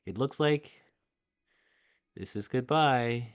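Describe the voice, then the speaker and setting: A man voicing a small, selfless male time fairy in a game, reading in a soft, calm way close to his own voice. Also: mid-range voice, slow pace, close to an everyday voice. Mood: weary.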